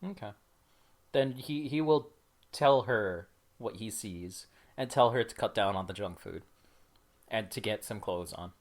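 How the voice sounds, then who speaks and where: A man playing a tabletop role-playing game, speaking briskly and giving directions. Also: on the low side. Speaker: player. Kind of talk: casual tabletop play.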